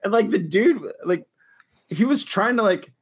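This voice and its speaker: A man's voice: sits high, lively intonation, unhurried, slightly rough. A young man chatting casually as a podcast host, telling a long story with lots of restarts and filler words. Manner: rambling storytelling with frequent restarts. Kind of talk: casual chat.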